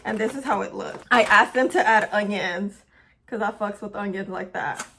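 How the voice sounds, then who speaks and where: A woman's voice: medium pitch, moderate pace, creaky, sharp tone, slight background noise. A young woman chatting casually to camera as a beauty vlogger, upbeat and talking while she eats, at home by a window.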